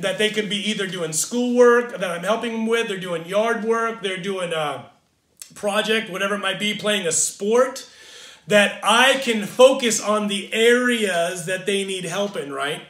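Bright-voiced pastor preaching in an echoey room. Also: male voice, high voice, a little slow. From Southern California. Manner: earnest, repeats and restarts phrases. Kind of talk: sermon. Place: church in Pacific Northwest.

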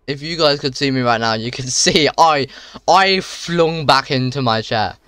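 A young man talks his viewers through a horror game in a jumpy, excitable way. His voice is bright and forward, with a smooth, clean sound. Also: mid-range voice, a little slow, no room sound. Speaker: gaming channel host. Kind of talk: horror game let's-play commentary.

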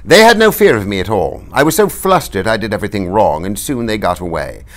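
Man, reader, low-pitched, animated delivery, novel read aloud. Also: a little fast. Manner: expressive, lively storytelling.

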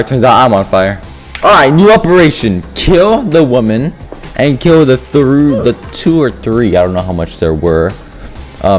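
A man giving animated gameplay commentary over voice chat, swinging between mumbled asides and loud yelling. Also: fairly low pitch. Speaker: gaming YouTuber.

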